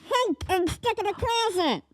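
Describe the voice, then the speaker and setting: A woman doing a muffled squeaky closet captive. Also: lively intonation, a little slow. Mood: trapped. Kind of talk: mouth-closed ventriloquism voice.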